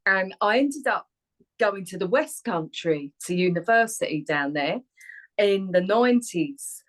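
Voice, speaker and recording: A woman in her forties from Harlow, Essex, England, a singer and actor, chats as a guest on a radio interview over a remote video call. Her mid-range voice is animated and a little slow, and she rambles and laughs often. The audio quality is poor.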